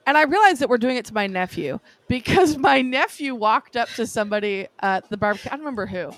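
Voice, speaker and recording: A woman's voice: fairly high pitch, quick pace, no echo. Laughing woman telling a story. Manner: animated storytelling, laughing often. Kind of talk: casual chat.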